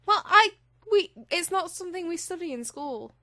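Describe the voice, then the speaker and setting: A woman's voice: extremely high pitch, lively intonation, normal speed, pushed and bright, no room sound, clean studio sound. A young woman co-hosting a casual podcast, rambling and chatty, swearing now and then. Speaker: podcast co-host. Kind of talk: casual chat.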